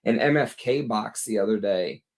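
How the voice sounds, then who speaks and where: A man's voice: on the low side, moderate pace. A man with a Texas accent hosting a casual livestream, tired after a long workday, chatting bluntly and answering viewers' comments. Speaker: fragrance livestream host.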